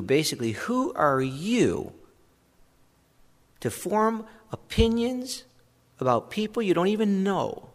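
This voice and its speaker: Brief: male pastor, slow deliberate sermon with lively swings in pitch, echoing church hall. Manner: conversational preaching, animated with asides.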